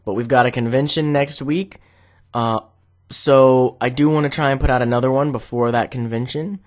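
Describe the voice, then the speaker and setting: A man's voice: mid-range voice, fairly even intonation, normal speed. A young man vlogging to camera, telling a casual, rambling story full of "like" fillers.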